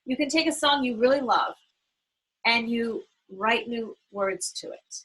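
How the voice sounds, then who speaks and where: A woman's voice: on the high side, unhurried, fairly bright tone, poor audio. A woman panelist on a video call webinar sharing songwriting tips in a chatty, rambling way, often restarting her sentences. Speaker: solo artist, panelist. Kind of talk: webinar talk.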